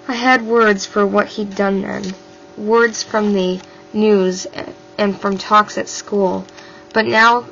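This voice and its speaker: A woman reading a novel aloud in a steady, subdued way as an amateur audiobook reader. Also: medium pitch. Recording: dull lo-fi with faint music.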